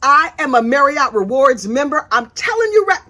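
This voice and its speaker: A woman's voice: high-pitched, big pitch swings, moderate pace, pushed and bright. A woman hosting true crime commentary, telling it as sassy, gossipy storytelling full of slangy asides.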